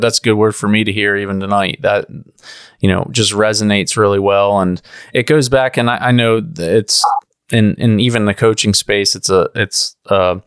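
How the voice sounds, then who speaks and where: A man's voice: lowish voice, fairly bright tone, smooth, no echo, studio quality. A man hosting a podcast, reflecting on and affirming his guest's words in a thoughtful way. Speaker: podcast host. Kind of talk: interview conversation.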